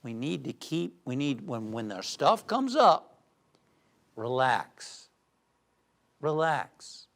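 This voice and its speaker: A man giving an uplifting sermon as a spiritual teacher, animated and shifting between loud emphasis and soft calm, who tells jokes. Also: on the high side, unhurried, creaky. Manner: tells jokes with acted voices.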